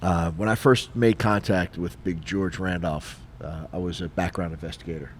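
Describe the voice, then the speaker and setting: A middle-aged retired police officer co-hosting a podcast, telling a story in a lively, casual way and acting out the dialogue. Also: male voice, sits low, moderate pace, a little hiss or hum. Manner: animated, acts out dialogue, frequent fillers.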